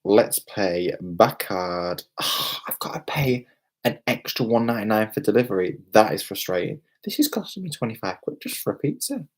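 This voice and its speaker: A man's voice: on the low side, big pitch swings, moderate pace. A young British man, tipsy from beer, rambling and exclaiming as he chats on a live stream from a hotel room. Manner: rambling, exclamatory, self-mocking. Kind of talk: casual live-stream chat.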